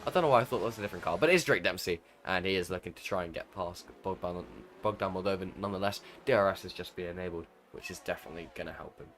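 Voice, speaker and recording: A man's voice: low-pitched, racing, few pauses, slight background noise. A man commentating on a sim racing league event, calling the race with energy and often stopping to correct himself. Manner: excitable race calls, self-correcting. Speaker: lead commentator.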